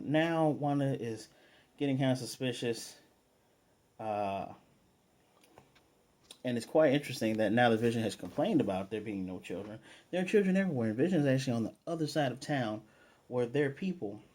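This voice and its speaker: Guy doing a chill episode review, mellow warm voice, rambles with lots of "you know". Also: medium pitch. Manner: rambling retelling with many fillers. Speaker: video reviewer. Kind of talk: casual spoken episode review.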